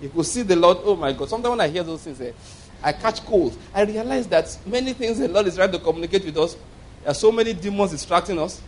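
A man's voice: high voice, lively intonation, quick pace, darkish tone, a little hiss or hum, poor audio. Emphatic man preaching a sermon. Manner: emphatic, storytelling, chuckles often.

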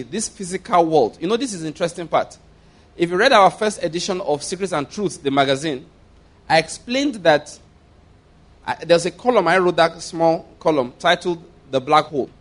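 A man preaching a sermon, reading scripture slowly and stressing key words, often checking that his listeners follow. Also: on the high side. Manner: asks listeners to follow along.

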